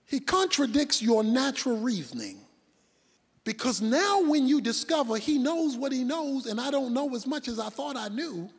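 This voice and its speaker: A man preaching a sermon, dramatic, swinging between loud shouts and hushed asides. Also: very high voice, expressive, normal speed, breathy edge, long reverb tail.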